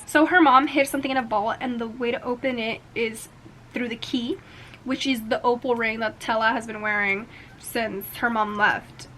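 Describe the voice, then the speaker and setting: A young woman chatting casually in a reading vlog, excitable, gasping and swearing as she reacts. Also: fairly high pitch, slight background noise. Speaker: book vlogger.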